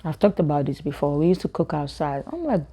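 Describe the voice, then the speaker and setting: A woman from Africa chats to her viewers in a loose, animated storytelling voice, jumping into other people's voices as she tells it. Her tone is dark and mellow. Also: quick pace. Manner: animated, acts out voices of others in high pitch; chants affirmations softly. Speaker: vlogger. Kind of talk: casual storytelling monologue.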